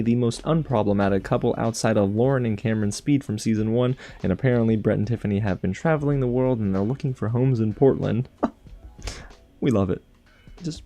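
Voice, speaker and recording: Low-voiced man with sarcastic, animated asides. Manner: animated and sarcastic, with exaggerated pitch jumps on asides. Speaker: TV show reviewer. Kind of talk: casual recap and commentary.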